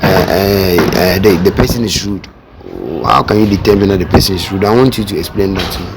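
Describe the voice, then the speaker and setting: A man's voice: sits low, fairly quick, background noise. A man asking passers-by questions in a casual street interview, teasing them and acting out pickup lines.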